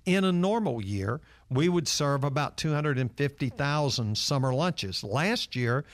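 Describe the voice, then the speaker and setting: Unhurried and lively in intonation, a man with a mid-range voice earnestly tells stories as an interview guest, using many fillers. He leads a nonprofit.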